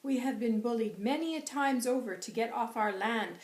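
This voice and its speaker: A woman's voice: a little high, darkish tone, echoey room, close to an everyday voice. A woman relaying a solemn, fatherly spirit guide. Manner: slow, emphatic, solemn pronouncements in quotes.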